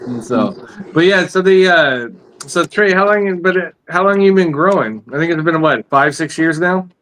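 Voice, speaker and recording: A man's voice: on the high side, lively intonation, normal speed, a bit bright, low-quality recording. A man hosting a casual live chat, rambling and repeating himself as he talks shop. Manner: rambling with many repeats and restarts. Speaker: host.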